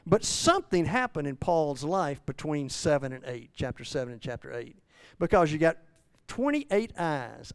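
A man in his sixties preaching a folksy sermon full of restarts and self-deprecating asides, rising loud and high when he voices a struggling believer. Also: big pitch swings, normal speed, gravelly, clean tone, dry recording. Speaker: pastor.

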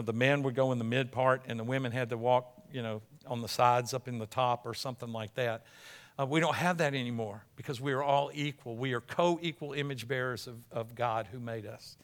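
A man pastor preaching a sermon in a church, animated and emphatic, often repeating himself and restarting phrases. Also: medium pitch.

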